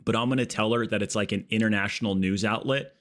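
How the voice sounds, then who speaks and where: A man live-streaming a game, chatting casually in an excitable, joking, rambling way. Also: on the low side, fast.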